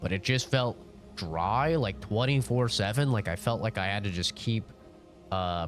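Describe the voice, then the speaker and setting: A sick young man with a nasal voice, chatting casually with his live-stream audience in a rambling, laid-back way. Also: fairly low pitch.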